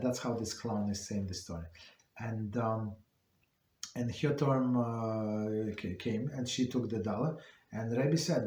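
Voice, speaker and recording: Halting, rambling man in a roomy space. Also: medium pitch, a little mellow. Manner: rambling, halting storytelling with many fillers and restarts. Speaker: Torah teacher. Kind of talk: online class lecture. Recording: roomy echo.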